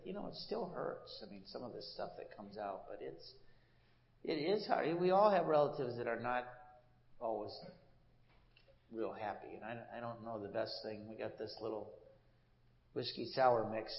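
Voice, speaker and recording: A man, a lawmaker, chatting on stage in a halting, folksy way, full of fillers and restarts. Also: fairly low pitch, a little hiss or hum. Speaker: congressman and co-guest. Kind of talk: casual stage conversation. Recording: dull, echoey hall with long reverb.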